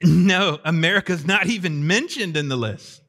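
A man preaching a sermon as a pastor, in a conversational, animated way that keeps putting questions to the congregation. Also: fairly high pitch.

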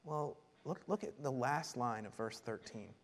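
A man preaching a sermon and teaching from scripture, animated, laughing often and repeating words as he goes. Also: medium pitch, a little slow. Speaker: pastor.

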